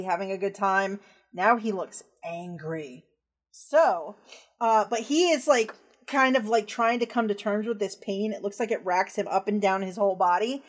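A woman's voice: mid-range voice, normal speed. A woman narrating as game master of a tabletop horror game, casual and descriptive, with frequent fillers.

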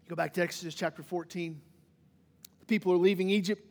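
Pastor guy preaching, really high voice, lively, acts out bits of the story, long church echo. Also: fast talker. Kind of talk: sermon. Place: church sanctuary.

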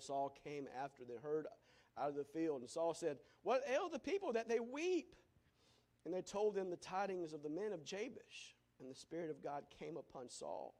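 A high-pitched male preacher delivering a sermon. He swings from loud, emphatic preaching to hushed lines that drop almost to a whisper.

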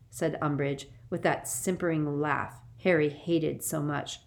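A woman narrating an audiobook in a measured, expressive storytelling manner. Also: low voice, vocal fry.

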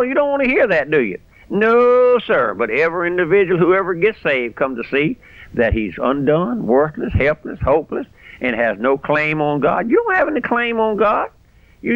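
An older man preaching a radio sermon as pastor, fiery and rising to shouts on key phrases. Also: sits high, dry recording. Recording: dry, dull radio broadcast sound.

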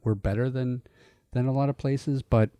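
A Canadian man hosting a casual podcast chat, talking in halting bursts with many restarts. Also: medium pitch, steady tone, warm tone, smooth, no room sound. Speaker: podcast host.

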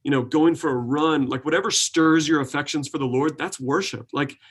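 A young adult man, a pastor, talking earnestly in a relaxed preaching way, full of likes and restarts. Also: fairly high pitch, normal speed, breathy edge. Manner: earnest, filler-heavy, with many likes and restarts. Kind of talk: casual preaching in conversation.

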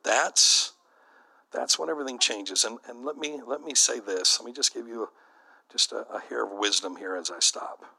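A man's voice: medium pitch, normal speed, gravelly, sharp tone, rough recording. A middle-aged man, a bishop, preaching to church leaders in a conversational, storytelling way.

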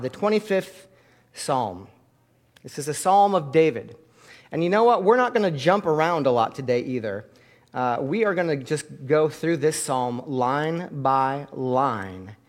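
Pastor preaching with rising fervor. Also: male voice. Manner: builds to loud, high calls for the congregation to repeat prayers; conversational storytelling with many fillers. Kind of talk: sermon.

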